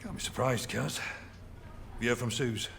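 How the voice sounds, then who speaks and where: An actor playing a cheery, fatherly older rig worker, gravelly and jokey, in a video game. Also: medium pitch, normal speed, fairly bright tone, a little hiss or hum. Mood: consoling.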